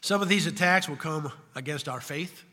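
Bright-voiced male pastor preaching. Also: on the high side, moderate pace, big-room sound. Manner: emphatic, poses questions to the congregation. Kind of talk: sermon.

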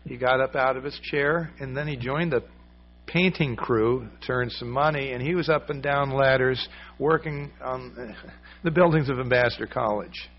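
A man preaching with storytelling warmth. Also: medium pitch, steady tone, moderate pace. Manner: storytelling, acts out quoted voices, conversational. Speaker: pastor. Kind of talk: sermon. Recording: slightly dull lo-fi sound.

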